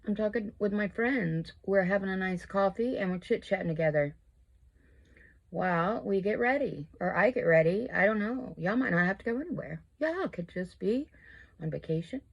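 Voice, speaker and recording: Getting ready at home, a crochet and makeup vlogger in her fifties chats and rambles as she applies her makeup, self-deprecating throughout. Her medium-pitched voice is animated and creaky, at normal speed, and the highs are cut off.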